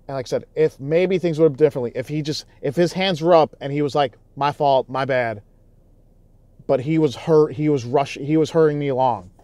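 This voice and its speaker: A man telling a vlog story in a loud, heated, profane way, with frequent restarts. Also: mid-range voice, no room sound. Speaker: YouTuber. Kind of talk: casual vlog recounting.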